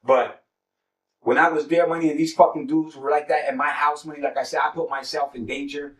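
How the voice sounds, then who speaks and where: A man's voice: a little high, flat delivery, brisk, reverberant, distant mic, low-quality recording. A man casually telling a street story as host, cursing freely and dropping streetwise slang. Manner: profane, streetwise slang, repeats "money" as a filler.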